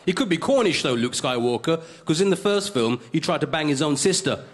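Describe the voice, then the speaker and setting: Cheeky stand-up comedian. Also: male voice, on the high side, very noisy. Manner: cheeky, animated, quick punchlines. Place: studio comedy stage with audience. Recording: live stage with loud crowd.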